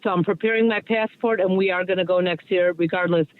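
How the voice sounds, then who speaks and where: A woman's voice: lowish voice, steady tone, fast, a little hiss or hum. A woman calling in to a radio show, earnest and chatty. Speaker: caller. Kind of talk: call-in conversation. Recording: tinny phone line.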